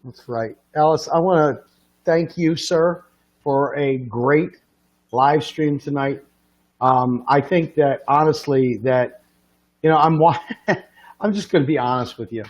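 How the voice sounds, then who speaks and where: Earnest American host making a plea. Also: male voice, a little high, a little slow, highs cut off. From United States. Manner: earnest, pleading, repetitive questions. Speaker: livestream host. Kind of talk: earnest political appeal.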